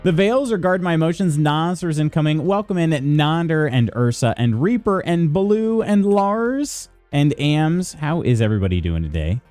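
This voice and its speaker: A man's voice: fairly high pitch, sing-song, moderate pace, few pauses, darkish tone, no echo, soft background music. A man streaming live, chatting casually with viewers and greeting them by name while reading the chat aloud. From United States.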